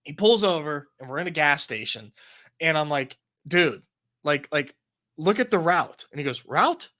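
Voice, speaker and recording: A man from Texas co-hosts a casual chat and tells a rambling story. His pitch swings widely as he acts out the people in it. He drops in swearing and lots of fillers. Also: normal speed. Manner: animated storyteller, swears, many likes and restarts. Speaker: podcast co-host.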